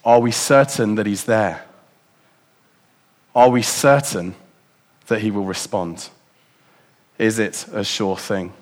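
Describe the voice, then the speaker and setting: A man preaching a sermon in a reflective way, asking his congregation many rhetorical questions and dropping softer for emphasis. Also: lowish voice, steady tone, slow, pauses often.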